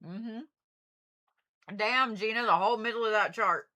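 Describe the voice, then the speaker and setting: A woman's voice: fairly high pitch, unhurried, sharp tone. A woman astrologer hosting a live reading, joking and swearing casually as she explains a birth chart. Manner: loose, joking, swears freely. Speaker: astrologer host.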